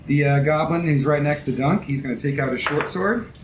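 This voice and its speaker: A man's voice: fairly high pitch, fairly quick, noisy background. A man narrating a tabletop game as game master in a casual, laughing way. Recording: roomy sound with faint music.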